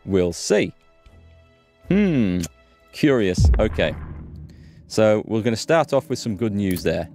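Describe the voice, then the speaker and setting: A man's voice: fairly low pitch, sing-song, slow, long pauses, a little mellow, faint music behind. A man hosting a gaming channel, chatting and thinking aloud as he plays. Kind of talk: let's-play commentary.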